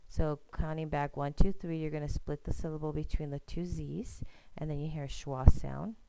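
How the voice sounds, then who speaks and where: Low-voiced woman teacher, patient and clear. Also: fairly even intonation, normal speed, dark tone, no room sound, rough recording. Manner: patient, step-by-step explaining with frequent "okay?". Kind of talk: recorded screencast lesson.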